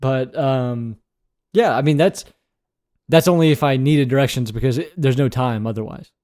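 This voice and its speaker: A man's voice: medium pitch, normal speed, darkish tone. Rambling young man podcast co-host. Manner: hesitant, rambling. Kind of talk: casual banter.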